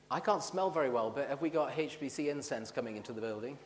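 A man preaching a sermon in a church, reading scripture aloud with measured emphasis. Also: medium pitch, expressive, big-room sound, a little hiss or hum. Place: church building.

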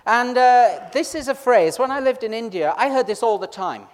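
A man's voice: very high-pitched, expressive, moderate pace. A man preaching an interactive Easter sermon, chatty and teasing as he pulls the congregation in. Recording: long reverb of a large hall.

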